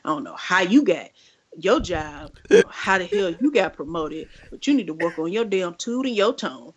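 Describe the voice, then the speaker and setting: A woman's voice: fairly low pitch, very animated, normal speed, dull audio, slight background noise. Exasperated woman telling a profane rant. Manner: profane, exasperated, acts out both sides of phone calls. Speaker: podcast co-host. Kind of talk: casual storytelling rant.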